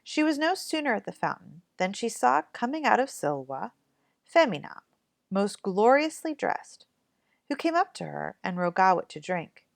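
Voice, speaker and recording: A woman reading a fairy tale aloud in an expressive storybook manner. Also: medium pitch, moderate pace, vocal fry, no room sound, clean studio sound.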